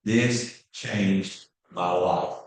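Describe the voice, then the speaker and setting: A man's voice: low voice, very slow. A man in his fifties giving a passionate, blunt real estate training talk. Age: 50s. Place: training room. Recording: very echoey room.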